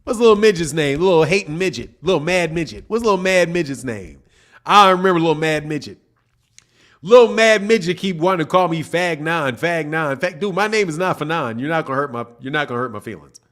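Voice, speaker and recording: A man's voice: a little high, expressive, fairly quick, fairly bright tone. A middle-aged man hosting a boxing channel, chatting loosely with his live viewers in slang and joking back at the comments. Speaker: boxing channel host reading live chat. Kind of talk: casual live-stream chat.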